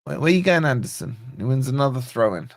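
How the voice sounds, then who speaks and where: A man hosting a live football watch-along, calling the play and greeting viewers by name in a chatty, excitable way. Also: medium pitch, quick pace, no room sound. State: yawning, tired. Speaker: fan channel host.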